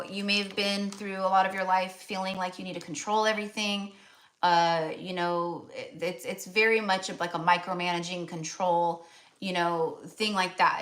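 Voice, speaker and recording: A woman's voice: fairly low pitch, fairly bright tone. An American woman giving a casual tarot reading, chatty and full of fillers and restarts. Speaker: tarot reader.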